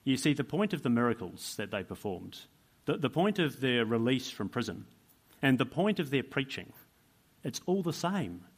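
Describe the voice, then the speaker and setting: Emphatic male preacher, mid pitch. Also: very animated, moderate pace, slightly rough. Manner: emphatic, asks rhetorical questions and repeats key phrases. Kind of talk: sermon.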